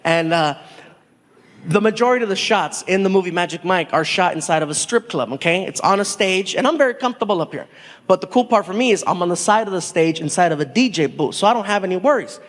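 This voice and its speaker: A man doing animated stand-up storytelling on a theater stage, acting out the voices of people in his stories. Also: sits high, fast talker, big-room sound. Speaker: stand-up comedian.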